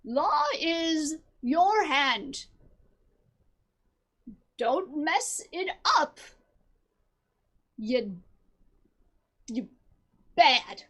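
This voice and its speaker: Woman playing a prim, halting old law librarian. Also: sits high, animated, a bit bright, full character voice, rough recording. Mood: solemn. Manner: stiff, halting, shushing. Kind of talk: improv comedy scene. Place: theater stage.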